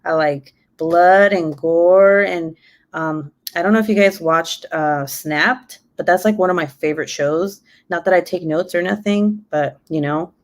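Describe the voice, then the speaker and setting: A YouTuber in her twenties chats casually on her live stream in a lowish, unhurried voice, cussing freely and laughing a lot.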